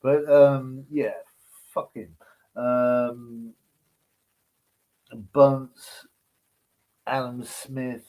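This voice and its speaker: A man's voice: mid-range voice, flat delivery, very slow, pauses often, a little mellow, rough recording. A man hosting a live stream, ranting in a crude, mocking, rambling way. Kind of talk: casual live-stream rant.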